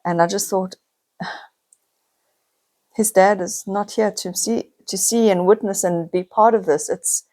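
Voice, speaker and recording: A woman's voice: medium pitch, steady tone, a little slow, long pauses, mellow. A middle-aged woman, talking to camera in a heartfelt, confiding personal vlog, near tears at times. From South Africa. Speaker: vlogger.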